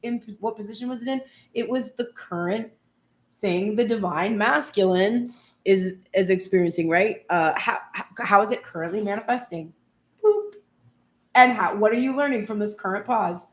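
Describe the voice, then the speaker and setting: A woman's voice: medium pitch, moderate pace, roomy sound. A woman giving a casual tarot reading, chatty and self-mocking, swearing freely and acting out what people say. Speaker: tarot reader.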